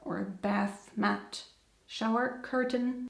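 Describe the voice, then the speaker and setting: A woman's voice: high-pitched, lively intonation, moderate pace. A German woman from Germany with a German accent, presenting a scripted video in a playful, chatty, jokey way. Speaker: YouTuber. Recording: roomy echo.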